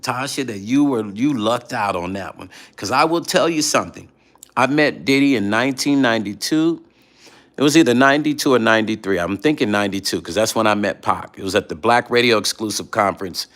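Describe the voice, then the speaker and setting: A middle-aged man chatting casually late at night on his vlog, telling animated stories and repeating himself for emphasis. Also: fairly low pitch. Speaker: vlog host reading viewer comments.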